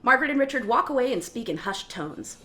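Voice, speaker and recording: A woman reading a screenplay's stage directions aloud in a play reading, with an expressive delivery. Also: fairly high pitch, fast talker.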